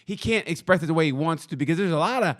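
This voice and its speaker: A man's voice: fairly high pitch, very fast. A man co-hosting a casual comedy podcast, telling profane stories with acted-out quotes and lots of restarts. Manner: animated storytelling with acted-out quotes. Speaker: podcast co-host.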